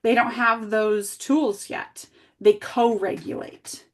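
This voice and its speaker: In a coaching session, an early childhood coach, a woman, mirrors what she hears and gently poses guiding questions. She sounds a little high, keeps her intonation fairly even, and speaks slowly.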